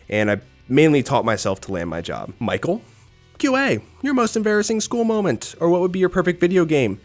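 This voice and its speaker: A young American man in his twenties answering viewer questions in a casual vlog, swearing often and throwing in animated asides. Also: mid-range voice. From United States. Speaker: YouTube creator.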